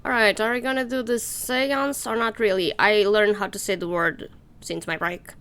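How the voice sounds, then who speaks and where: A woman gamer talking casually over her gameplay, swearing freely and breaking into excited squeals. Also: mid-range voice, moderate pace, clean tone. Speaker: let's play gamer.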